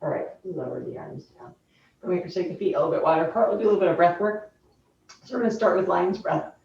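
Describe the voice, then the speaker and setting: A woman yoga instructor calmly guiding a chair yoga class, cueing breath and movement step by step. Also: on the low side, fast, a little hiss or hum. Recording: roomy, distant, dull sound.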